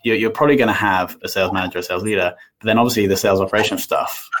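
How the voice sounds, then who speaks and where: A man's voice: lowish voice, fairly even intonation, racing, noisy background. A man hosting a podcast interview, talking casually with fillers and restarts. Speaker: podcast host.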